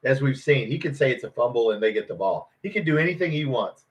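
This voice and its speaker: A man's voice: mid-range voice, animated, quick pace. Fired-up man swearing at a game. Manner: frustrated, swearing, yelling at the game. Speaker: watch party host. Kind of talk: live game reaction. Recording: dull lo-fi stream audio.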